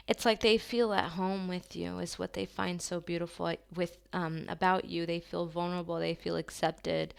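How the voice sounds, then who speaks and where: A woman giving a channeled tarot reading to her viewers, talking softly and slowly in an affirming way, with long pauses. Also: lowish voice, vocal fry, clear, resonant tone. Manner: soft, slow and affirming, with drawn-out pauses.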